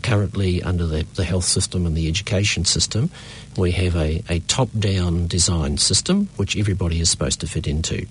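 A man answering radio interview questions as a party leader, in a measured, halting way full of ums and uhs. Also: sits low, a little hiss or hum. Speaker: political party leader, guest.

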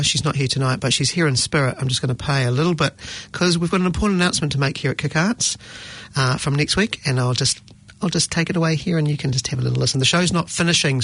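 Husky, slightly high middle-aged New man; chatty radio host, animated. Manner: chatty, animated, exclaims often. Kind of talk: casual radio chat. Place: radio studio.

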